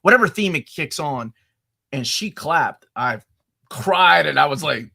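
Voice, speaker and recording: A man in his forties hosting a casual podcast chat, excitable and acting out his own reactions as he talks. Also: a little high, a little slow, vocal fry, husky. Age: 40s. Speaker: podcast host.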